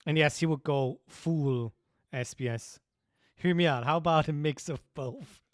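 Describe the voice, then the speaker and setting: A man's voice: on the high side, unhurried, dry recording, studio quality. A young man chatting casually on a livestream, rambling and thinking aloud while chuckling at his own ideas. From Switzerland. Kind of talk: casual stream chat.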